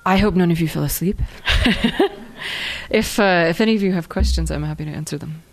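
A woman's voice: lowish voice, normal speed. A woman author reading her own fiction aloud, then answering questions in a hesitant, filler-heavy way. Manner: hesitant, many fillers and restarts when speaking freely. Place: live reading event.

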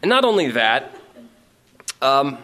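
A man telling a rambling, profane comic story in a casual, animated way. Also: medium pitch, takes it slowly.

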